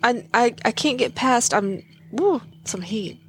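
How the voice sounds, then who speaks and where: A woman's voice: a little high, expressive, a little slow, a bit bright, slight background noise. A woman co-hosting a casual podcast, bantering in a teasing, giggly way. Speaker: podcast co-host. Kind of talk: casual chat.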